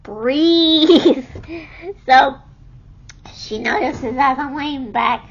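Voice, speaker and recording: A young woman with a high voice recounts her stories at an unhurried pace. She laughs often and acts out the lines of the people in them. The recording sounds a little dull and lo-fi. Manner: laughs often while telling, animated quoting of others. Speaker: vlogger telling her life story. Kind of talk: casual storytelling.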